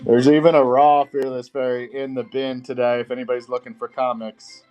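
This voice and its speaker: A man's voice: medium pitch, little pitch movement, brisk, darkish tone, faint music behind. A man hosting a live-stream auction, greeting viewers by name and rattling off card names.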